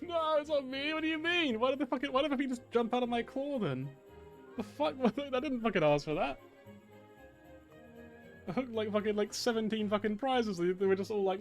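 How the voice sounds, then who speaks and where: A man streaming a game, talking casually and cursing often in loud, exasperated outbursts. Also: very high voice, brisk. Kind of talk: casual live-stream commentary. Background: game music.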